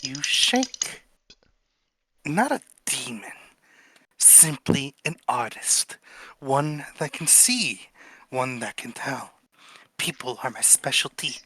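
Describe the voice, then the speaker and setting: A man voicing a flamboyant, eccentric old male seer, theatrical and sly, who drops into hushed tones. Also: mid-range voice, expressive, slightly rough, dry recording, exaggerated voice. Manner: theatrical, drawn-out, dropping to a hush.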